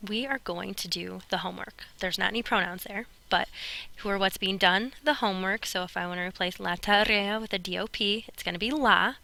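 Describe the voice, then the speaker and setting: A woman's voice: mid-range voice, fairly quick, vocal fry, bright, forceful tone, poor audio. A woman teaching a recorded Spanish grammar lesson, chatty and upbeat, speaking straight to her students. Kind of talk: recorded classroom lesson narration.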